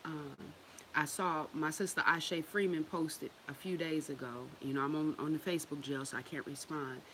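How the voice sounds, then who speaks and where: A woman's voice: sits low, steady tone, moderate pace, a bit bright, a little hiss or hum, poor audio. A woman giving a casual spiritual talk to her viewers. She is loose and profane, laughs often and repeats phrases for emphasis. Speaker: spiritual teacher.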